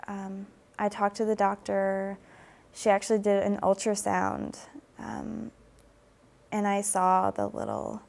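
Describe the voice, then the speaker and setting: Slow, flat-voiced woman with a gravelly edge. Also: mid-range voice. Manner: measured, hesitant, many ums. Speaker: interviewee sharing personal story. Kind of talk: personal testimony.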